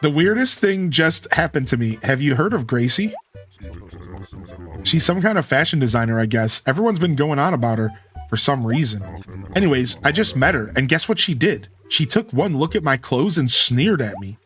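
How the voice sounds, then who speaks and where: A man reading the lines of a grumpy animal villager from a video game in a plain, lively voice. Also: a little high, moderate pace. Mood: grumbling. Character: grumpy animal villager gossiping about a rival. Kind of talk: reading game dialogue aloud.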